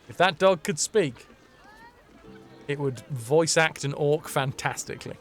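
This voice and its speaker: A man's voice: fairly high pitch, animated, normal speed, a bit bright, faint music behind. A man streaming a video game, chatting and joking in a rambling, casual way. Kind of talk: casual live commentary.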